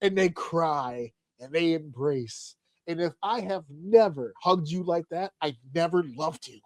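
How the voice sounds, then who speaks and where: Unhurried and fairly high-pitched, a male podcast host chats casually, swearing often as he tells animated stories with acted-out shouts. The sound has no echo.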